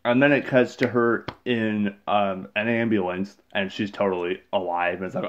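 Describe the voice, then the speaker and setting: A man's voice: on the low side, steady tone, moderate pace, few pauses, dull audio, a little hiss or hum. A man casually recapping a movie in a rambling, exasperated, sarcastic way, full of fillers. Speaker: movie reviewer.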